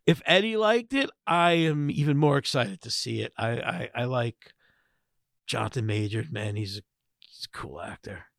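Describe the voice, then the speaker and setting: A man's voice: medium pitch, lively intonation, moderate pace, vocal fry, fairly bright tone, no room sound, clean studio sound. A man co-hosting a comedy podcast, joking, laughing and stammering in casual chat. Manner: jokey, stammering, laughs often. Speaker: podcast co-host.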